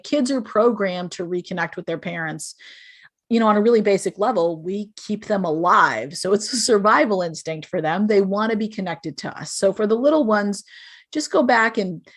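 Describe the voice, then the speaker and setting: A woman speaking as a podcast guest, giving earnest, explanatory parenting advice and acting out sample phrases parents might say. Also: medium pitch. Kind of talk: podcast interview.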